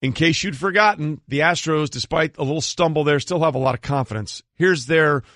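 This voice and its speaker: A man's voice: fairly high pitch, fairly quick, a bit bright, dry recording, clean studio sound. A man co-hosting a sports radio show, chatting casually and joking at his own expense. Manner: conversational, self-deprecating. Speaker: radio co-host.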